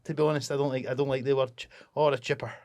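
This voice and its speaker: A man's voice: mid-range voice, level tone, rapid-fire, a little mellow, a little hiss or hum. A Scottish man hosting a casual comedy podcast, telling stories in a dry, wry way. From Scotland. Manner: dry, wry storytelling with swearing. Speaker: podcast host. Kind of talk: casual chat.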